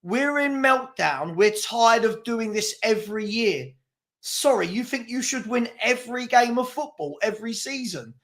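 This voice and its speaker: A man hosting a live football watchalong, commentating excitably and exasperatedly and often laughing. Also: high voice. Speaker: fan channel host.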